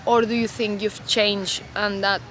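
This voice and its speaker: Woman vlogger, unscripted musings, meandering delivery with constant fillers, mid pitch; traffic audible behind. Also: level tone, unhurried. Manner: reflective, loose, heavy on "you know" and "like" fillers. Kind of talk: unscripted talk to camera.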